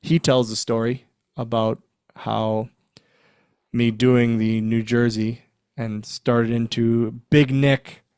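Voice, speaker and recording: A man's voice: medium pitch, takes it slowly, smooth, no echo, studio quality. A man in his forties, a former wrestler, telling backstage stories in a casual interview, acting out quotes and laughing often. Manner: animated storyteller, acts out quotes, laughs often.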